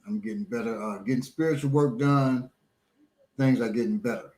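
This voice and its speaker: A middle-aged man talking casually as a show host, his speech a little slurred and halting, with many pauses and fillers. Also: medium pitch, a little mellow, roomy sound, low-quality recording. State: slightly slurred speech after a small stroke. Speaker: podcast host and instructor. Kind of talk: casual chat.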